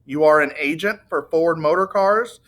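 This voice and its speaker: A man's voice: a little high, normal speed, a bit bright, close to an everyday voice. A man voicing a precise detective who asks formal, dry questions. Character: precise, dry-witted older male detective.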